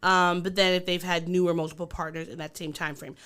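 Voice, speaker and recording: A woman co-hosting a podcast, talking candidly in casual chat and getting animated when she teases her co-host. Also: lowish voice, quick pace, clean tone.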